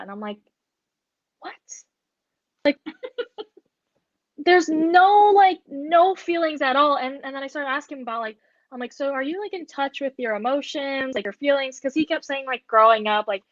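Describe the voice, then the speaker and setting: A woman's voice: high voice, a little slow, pauses often, no room sound. Young woman rambling with "like" fillers. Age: young adult. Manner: rambling storytelling, heavy on filler words. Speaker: podcast co-host. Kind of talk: casual chat. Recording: dull lo-fi dry sound.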